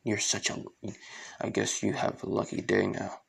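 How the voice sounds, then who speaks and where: A man doing a quietly furious young hero. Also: fairly low pitch, completely flat delivery, normal speed, gravelly, husky, heavily acted. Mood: cold.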